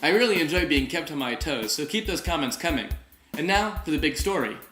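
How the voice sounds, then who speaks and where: A man's voice: a little high, lively intonation, brisk, fairly bright tone, echoey room, soft background music. A man hosting a weekly political commentary show, wry, opinionated and direct. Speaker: host.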